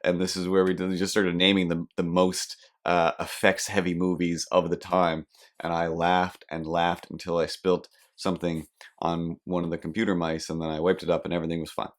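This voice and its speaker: Young man, podcast host, low voice, rambling self-deprecating comic monologue. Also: flat delivery, brisk. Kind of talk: comedic storytelling monologue.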